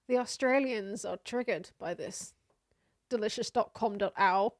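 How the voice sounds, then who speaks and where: A young woman streaming, chatting casually while reacting to videos, laughing often and letting out loud disgusted exclamations. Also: mid-range voice, slow pace, long pauses.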